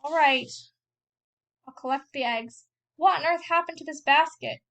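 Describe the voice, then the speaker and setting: A cocky young soldier and older brother, boastful and quick to snap, as a woman puts him on while reading a novel aloud. The voice stays fairly high and light. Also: gravelly, a bit bright.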